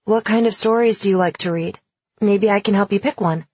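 Woman reading an upbeat teen theater girl, husky voice, dull lo-fi sound. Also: mid-range voice, brisk, a little mellow, no echo, close to an everyday voice. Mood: friendly. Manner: upbeat, chatty. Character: friendly teenage girl, confident theater kid.

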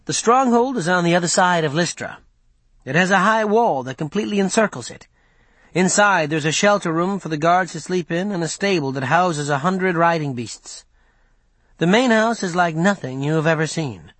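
A man's voice: sits high, expressive, moderate pace, a bit bright, no room sound. A bold young male rebel leader in an audiobook lays out his plan in an urgent, persuasive voice, as a man puts him on. The sound is dry and close, with no room around it.

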